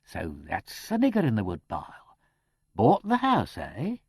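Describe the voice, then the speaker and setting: A man voicing a brash, cocky debt collector who talks loud and slangy. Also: mid-range voice, huge pitch swings, measured pace, gravelly, slightly rough, no room sound, clean studio sound, exaggerated voice. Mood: blunt.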